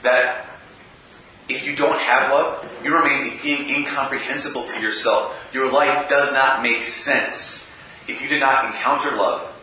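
A man giving a church talk, telling personal stories with humour, often laughing and adding quick asides. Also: medium pitch, steady tone, sharp tone, a little hiss or hum. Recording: echoey room, from a distance.

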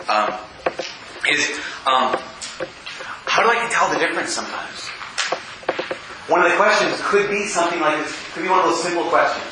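A man leading a teaching session, speaking casually to a group and acting out the quoted lines as he tells a story. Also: medium pitch. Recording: very echoey room, faint hiss.

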